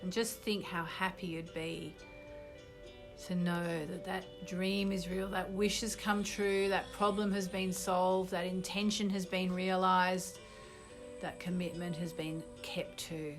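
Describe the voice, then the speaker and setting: A middle-aged British woman who teaches astrology, guiding an online group through a manifestation exercise in a gently instructive way. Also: lowish voice, little pitch movement, a little slow, music in the background. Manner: gently instructive, with bursts of loud ecstatic gratitude.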